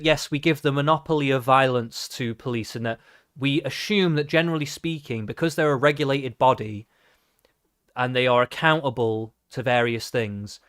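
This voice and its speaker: A man's voice: mid-range voice, a bit bright, smooth, no room sound. Male streamer, profane reactive ranter, dry closeup sound. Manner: profane, ranting, mocking. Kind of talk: live reaction stream commentary.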